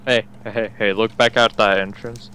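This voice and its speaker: A young man chatting while playing a co-op game, teasing with dry, quick comebacks. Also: lowish voice, little pitch movement, bright, forceful tone, a little hiss or hum. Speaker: co-op gaming partner. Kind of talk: casual gameplay chat.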